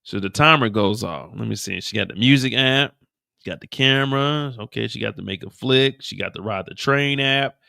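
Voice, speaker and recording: Gravelly, bright-voiced man recapping. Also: mid-range voice, normal speed, dry recording, studio quality. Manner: profane, animated storytelling. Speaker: show host. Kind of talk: casual live TV recap.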